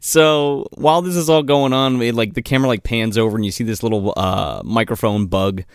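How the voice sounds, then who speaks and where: A man co-hosting a casual movie discussion, excitable and profane, laughing often. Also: medium pitch, brisk, smooth, dry recording, clean studio sound. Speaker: podcast co-host.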